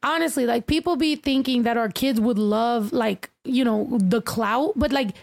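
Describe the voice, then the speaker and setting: A woman's voice: fairly high pitch, normal speed, creaky, a little mellow. A middle-aged woman hosting a podcast in loose, profane casual chat, laughing often. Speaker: podcast host.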